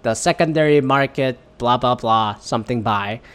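A man's voice: medium pitch, normal speed, a bit bright, clean tone. A man ranting casually and sardonically, swearing often and rambling between thoughts. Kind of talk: casual rant.

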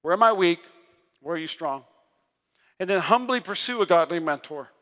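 A man's voice: high voice, lively intonation, normal speed, fairly bright tone. A man preaching a sermon in a large church, telling stories with energy and self-deprecating humor. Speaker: pastor. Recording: long reverb of a large hall.

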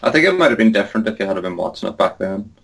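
A man's voice: fairly low pitch, animated, very fast, creaky, fairly bright tone, breathy edge. A man in casual chat, hesitant and chuckling as he talks.

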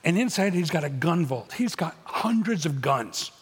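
A middle-aged pastor delivers a blunt, joking sermon to his congregation. His voice is husky and sits a little high for a man. The church around him rings with a long echo. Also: sing-song, moderate pace. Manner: blunt, conversational preaching with humor. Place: church auditorium. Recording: long hall reverb.

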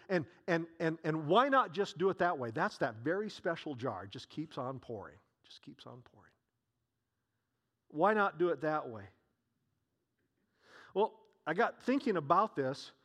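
A man preaching a sermon, retelling a scripture scene with acted dialogue and many rhetorical questions. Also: a little high.

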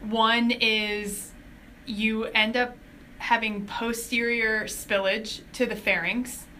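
Bright-voiced woman reasoning step by step. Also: on the high side, flat delivery, takes it slowly, slight background noise. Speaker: clinician on a panel. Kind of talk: casual clinical panel discussion.

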